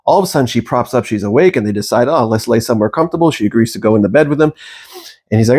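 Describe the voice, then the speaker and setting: Male coach, casual storytelling monologue, lively and profane, voices the quotes himself. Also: mid-range voice, rapid-fire. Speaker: manifestation coach.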